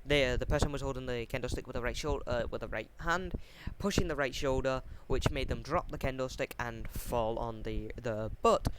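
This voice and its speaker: A man's voice: mid-range voice, normal speed, few pauses. A man casually retelling a fan story, hesitant and full of ums and restarts, talking into a computer mic on a voice chat. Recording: noisy home mic recording.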